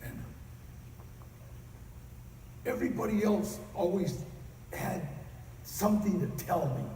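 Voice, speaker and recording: A man on stage tells personal stories with a high, lively voice that swings widely, breaking into loud acted outbursts. He is heard from far off in a large, echoey convention hall with faint ambient noise. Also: takes it slowly, pauses often. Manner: animated, bursts of loud acted outbursts and laughter. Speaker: conference speaker. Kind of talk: personal storytelling speech.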